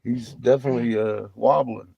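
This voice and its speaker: A man's voice: mid-range voice, steady tone, moderate pace, vocal fry, dark tone, no room sound, muffled recording. Laughing man, dry close sound. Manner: laughs often, profane banter. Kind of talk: casual late-night chat.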